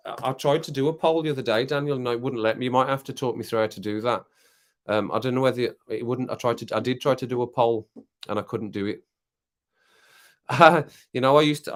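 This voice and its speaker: A relaxed British man with a mid-range voice hosts a late-night live stream, talking easily with viewers in the chat. He rambles, laughs a lot, and reads their comments out loud between sips of rum, coughing now and then.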